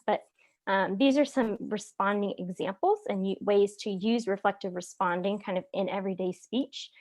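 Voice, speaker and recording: A woman therapist presenting a parenting webinar in a conversational way, with many "um"s and frequent "right?" check-ins. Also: mid-range voice.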